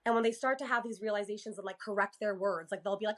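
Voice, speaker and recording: A woman's voice: medium pitch, steady tone, very fast, few pauses, a bit bright. A woman from Canada, a therapist and podcast guest, talking candidly in casual conversation, swearing freely and acting out exchanges with her clients.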